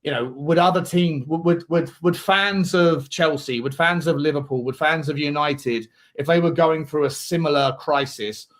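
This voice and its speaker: A man hosts a live football watchalong, boisterous and jokey as he reads out viewer messages. He's tipsy from drinking, and his voice sits a little high for a man. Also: moderate pace, hardly any pauses. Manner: boisterous, jokey, shouting out donors. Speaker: watchalong host. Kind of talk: casual live-stream chat.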